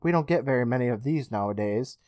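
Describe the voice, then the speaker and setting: A man voicing a menacing old jailer, using a low, hushed mock-sinister delivery while retelling a show. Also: expressive, fast, no room sound, studio quality, natural voice. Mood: sly menace.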